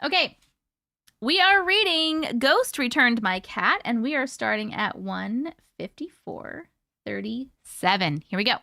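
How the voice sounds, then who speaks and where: Sleepy thirties woman rambling on a livestream, bright lively voice, dry close sound. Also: fairly high pitch, measured pace, gravelly, dry recording. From Colorado. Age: 30s. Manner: chatty, giggly, reads viewer comments aloud. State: sleepy, yawning. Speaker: live-stream host. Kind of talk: casual livestream chat.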